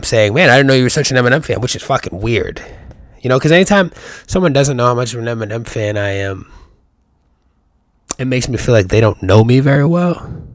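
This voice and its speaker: A man's voice: mid-range voice, no room sound, clean studio sound. A young man hosting his own podcast, rambling through profane, jokey riffs full of rhetorical questions. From New York. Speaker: podcast host. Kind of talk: casual solo podcast monologue.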